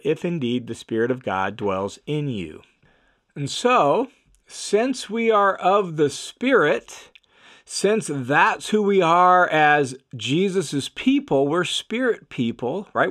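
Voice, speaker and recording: A man teaching scripture on a podcast, emphatic and repeating key phrases for stress. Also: on the high side.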